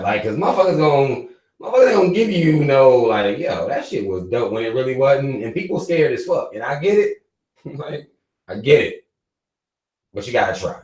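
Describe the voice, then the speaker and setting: Animated swearing man in an echoey room. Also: mid-range voice. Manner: animated, swearing, laughing often. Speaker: live stream host. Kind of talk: casual profane commentary.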